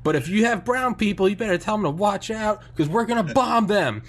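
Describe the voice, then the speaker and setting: Man impersonating a mocking male satirist, raised pitch, loud, lively rant. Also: fairly quick.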